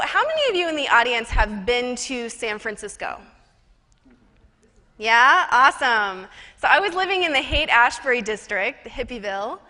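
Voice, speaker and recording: Bright-voiced woman telling a story on stage. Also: fairly high pitch. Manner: lively, chatty storytelling with casual fillers. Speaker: conference speaker and professional psychic. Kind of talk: personal storytelling talk. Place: conference stage in a large hall. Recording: reverberant conference hall.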